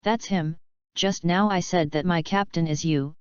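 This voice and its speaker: A woman's voice: lowish voice, steady tone, normal speed, smooth, no echo, lo-fi sound, lightly acted. A woman reading the lines of a boastful, bullying male pirate thug in a smug, mocking manner.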